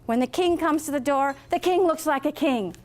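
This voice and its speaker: Animated woman telling a story. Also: sits high, normal speed. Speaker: guest speaker. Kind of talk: storytelling speech.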